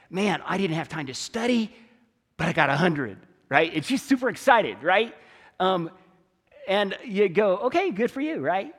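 A preacher talks to his church in an easy, conversational sermon. His voice sits high for a man, and he moves between loud, emphatic stretches and quiet, low ones. A long reverb from the sanctuary trails after his words.

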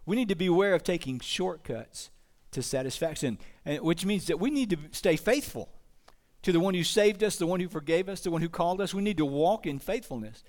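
Brief: a male pastor with a slightly high voice, preaching earnestly to a church congregation. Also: lively intonation, brisk, darkish tone. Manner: earnest, asks the congregation questions. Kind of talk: sermon.

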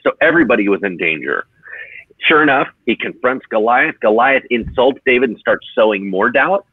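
Husky-voiced man teaching over a tinny line. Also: medium pitch, moderate pace, dry recording. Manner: energetic, conversational storytelling. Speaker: pastor. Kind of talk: podcast teaching talk. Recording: tinny phone-like dry sound.

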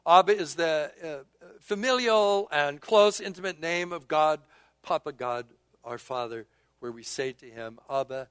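A male pastor preaching a sermon and leading the congregation in repeated call-and-response prayers, moving between quiet, soft phrases and emphatic bursts. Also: medium pitch, normal speed, clear, resonant tone, no room sound.

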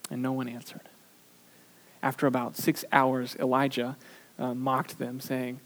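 Man, pastor, preaching. Earnest delivery, mid-range pitch, loud emphatic peaks and hushed low drops, some "uh" fillers. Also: completely flat delivery, a little slow, pauses often. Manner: swings between emphatic rises and quiet low drops. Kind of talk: sermon.

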